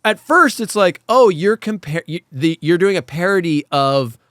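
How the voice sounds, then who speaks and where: A man's voice: high voice, expressive, moderate pace, a bit bright, no echo, studio quality. A man co-hosting a podcast, ranting casually about a cartoon episode with exasperation, swearing and acting out quotes. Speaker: podcast co-host. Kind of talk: casual chat.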